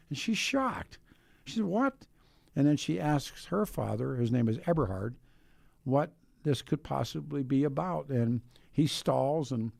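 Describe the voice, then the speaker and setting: A man with a gravelly, mellow voice hosts a radio talk show, circling through his points with restarts and asides. He is close on a studio microphone in a dry booth. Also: medium pitch, no room sound. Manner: rambling, with frequent restarts.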